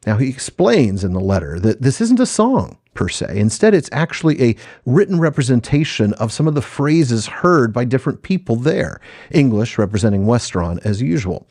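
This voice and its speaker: Lively, mellow-voiced male podcast host. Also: medium pitch, normal speed, no echo, studio quality. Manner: enthusiastic, scholarly explaining. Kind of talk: explanatory podcast talk.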